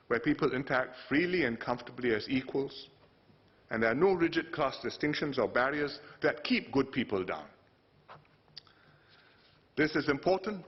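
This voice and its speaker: Man, formal parliamentary speech, lively rising and falling pitch, dull broadcast sound. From Singapore. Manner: measured, delivered in short phrases with emphatic rises. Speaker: politician addressing parliament. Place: parliament chamber.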